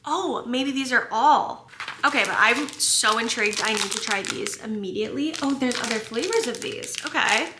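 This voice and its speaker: An American woman chatting casually in a home vlog, gushing and excitable, with lots of "like". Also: a little high, moderate pace, noisy background. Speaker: vlogger.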